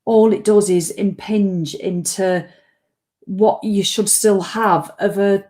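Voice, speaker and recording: A woman's voice: mid-range voice, fairly even intonation, slow, darkish tone. A woman who runs an online business, talking casually and emotionally to camera and acting out her own anxious thoughts. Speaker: online business owner and vlogger. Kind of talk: casual reflective talk to camera.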